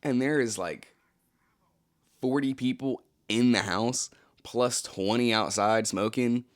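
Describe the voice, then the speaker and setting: Taking his time in a mid-range voice, a young man hosting his own channel shares a personal story. His delivery is relaxed and slangy, sprinkled with "like, you know" fillers throughout.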